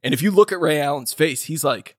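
A man's voice: on the high side, a little fast, no room sound, clean studio sound. A man co-hosting a podcast, talking casually about a movie and retelling its scenes with energy. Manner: animated storyteller who acts out quoted lines. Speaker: podcast co-host. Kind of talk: casual film discussion.

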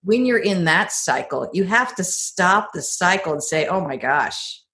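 Animated, lower-pitched woman telling stories. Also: normal speed. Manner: animated storyteller, acts out quotes with big pitch jumps. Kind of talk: conversational podcast advice.

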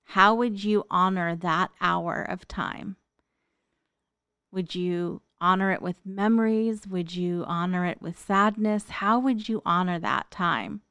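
A middle-aged woman talks softly and reflectively, as if speaking straight to her late mother. Her voice sits low and sounds smooth and clean. The recording is dry, with no room around her. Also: slow, dry recording. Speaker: daughter writing an open letter. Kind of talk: heartfelt spoken monologue.

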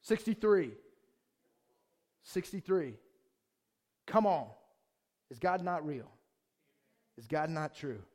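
A man with a notably high-pitched voice preaches a sermon in a loose, conversational way. He is enthusiastic and keeps throwing rhetorical questions at the congregation, often restarting his sentences. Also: lively intonation, takes it slowly, pauses often, darkish tone. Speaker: pastor.

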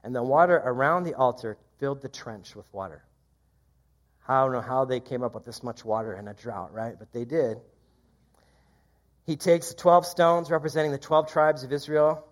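Guy preaching a sermon, reads the bible passage and riffs on it casually, animated, voice jumps up for quotes. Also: moderate pace. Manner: reads scripture aloud and comments conversationally; lively, rises in pitch when quoting. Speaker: pastor.

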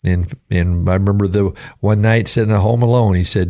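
A man's voice: sits low, fairly even intonation, fairly quick, hardly any pauses, warm tone. An older man, a pastor hosting a devotional radio show, talking in an earnest, emotional preaching way with folksy asides.

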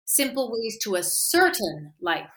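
An actress playing a poised but anxious sociology professor in a comedy sketch, sounding slightly strained under the calm. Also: female voice, medium pitch, normal speed. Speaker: professor giving a talk.

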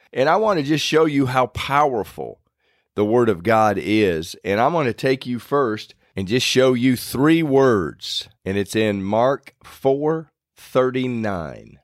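A man's voice: lowish voice, no echo, studio quality. A man hosting a casual devotional talk in a folksy, self-deprecating way, rambling a little and restarting sentences. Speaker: faith podcast host.

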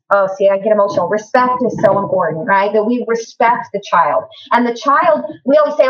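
A woman's voice: medium pitch, brisk, few pauses. A middle-aged woman talking as a therapist and parent in an interview, passionate and emphatic. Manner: passionate, emphatic, talks with her hands. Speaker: guest, autism therapist and parent. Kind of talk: conversational interview. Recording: distant, muffled mic.

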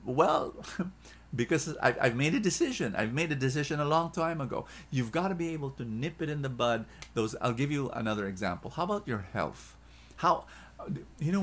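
Animated male preacher, swings loud to soft. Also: mid-range voice. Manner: animated and repetitive, shifting from loud emphasis to soft asides. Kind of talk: inspirational sermon.

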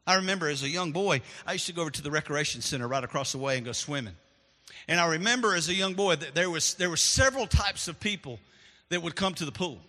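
A man preaching a sermon as pastor, swinging from loud to hushed, in a church sanctuary. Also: on the high side, expressive, fast. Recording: long hall reverb.

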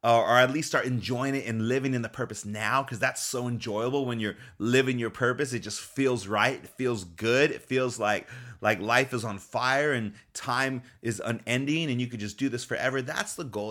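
A man's voice: medium pitch, normal speed, fairly bright tone. A man giving an upbeat, motivational faith talk, encouraging his listeners, repeating key phrases and often chuckling as he speaks.

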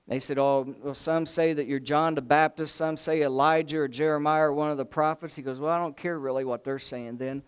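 Male preacher, smooth voice, a bit high, animated delivery with big swings. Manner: animated, builds to excited bursts then drops low and slow. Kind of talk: sermon.

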